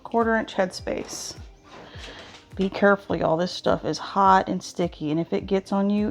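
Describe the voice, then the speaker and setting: A woman's voice: medium pitch, normal speed, vocal fry, muffled recording, faint music behind. A woman chatting folksily to viewers as she cooks in a home kitchen. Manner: chatty, folksy, talks to viewers while stirring. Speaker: home cooking vlogger. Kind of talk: casual cooking demonstration.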